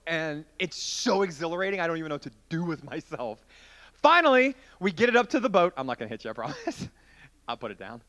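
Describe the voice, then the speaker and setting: A man preaching to a youth group, telling a long story in a chatty, animated way and acting out the scenes as he goes. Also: high voice. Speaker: youth pastor.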